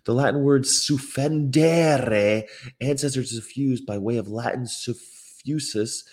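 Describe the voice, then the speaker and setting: A man from the North of England talks casually in a mid-range voice, reading articles aloud and reacting with swearing and disbelief. He swings from loud outbursts to low muttering, speaking from a rented room indoors. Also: husky. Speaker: vegan activist vlogger. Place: indoor rental apartment room with a window view.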